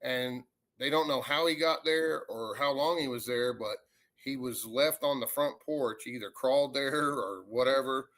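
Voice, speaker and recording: Bright-voiced man telling ghost stories. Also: mid-range voice, measured pace. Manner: rambling, animated retelling with acted quotes. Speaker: paranormal investigator. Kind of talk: casual storytelling.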